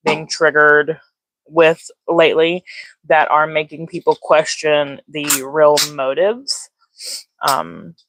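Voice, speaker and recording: Low-voiced woman chatting on a livestream. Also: no room sound. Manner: rambling, many fillers, greets viewers by name. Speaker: livestream host. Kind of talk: casual live chat. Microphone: phone.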